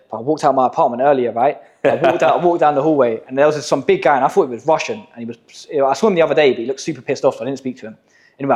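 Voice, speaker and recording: Here a young English agency owner hosts a casual podcast, swearing and using plenty of slang as he tells stories. His voice is fairly high and a little mellow.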